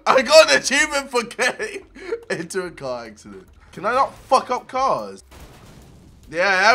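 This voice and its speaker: A young man giving loud, profane gameplay commentary, often shouting and laughing at the game. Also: high voice. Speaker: gaming YouTuber.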